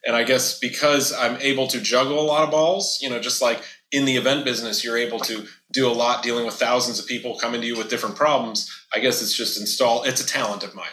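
Man, business owner, casual interview, animated storytelling, quick pace, bright tone, echoey room. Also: medium pitch. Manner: animated, acts out quoted dialogue.

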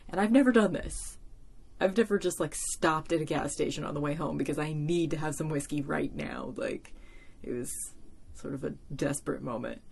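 A woman's voice: deep voice, moderate pace, vocal fry, darkish tone, husky. A young woman hosting a solo podcast, talking casually and emotionally with many fillers, close to tears. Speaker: podcast host.

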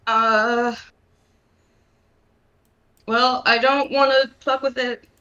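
A woman's voice: on the high side, little pitch movement, drawn-out words, bright, forceful tone, lo-fi sound. A woman playing a tabletop game, chatty and a bit unsure, swearing casually. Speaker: player.

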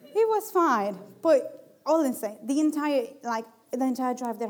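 A young woman with a slightly high voice giving a devotional talk. She speaks in a chatty, self-deprecating way and often laughs at herself. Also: a little fast, a little mellow. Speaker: preacher.

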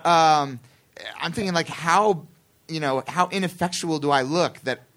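A man telling a long, self-deprecating anecdote on a live theatre stage, rambling and slipping into quick impressions of other people. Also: on the high side, a bit bright. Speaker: comedian guest telling a story.

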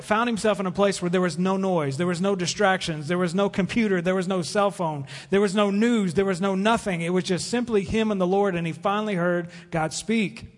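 Pastor, man, higher register, earnest sermon delivery, church hall reverb. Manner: earnest preaching with pauses. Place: church sanctuary.

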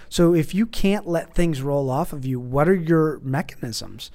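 A man's voice: on the high side, normal speed, hardly any pauses, a little mellow. A man in casual chat, telling a long story with many restarts and false starts.

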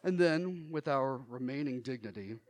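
A middle-aged man telling a personal story from his childhood on stage, theatrical and animated, often laughing as he speaks. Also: medium pitch, normal speed, a little hiss or hum.

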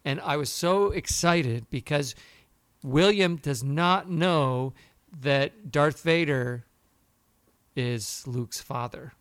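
A man co-hosting a podcast, telling a story in a lively way and acting out the people he quotes. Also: a little high, slow pace, no room sound, studio quality. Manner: animated storyteller, acts out quotes. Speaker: podcast co-host. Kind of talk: casual chat.

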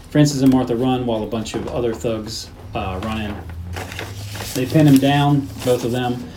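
A man recounting a film's plot scene by scene for his podcast cohosts, slipping into the characters' lines as he goes. His voice sits at an ordinary middle pitch. A faint hiss runs under the recording. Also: a little slow, long pauses. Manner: animated retelling, acting out movie lines. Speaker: podcast host. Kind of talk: casual movie recap chat.

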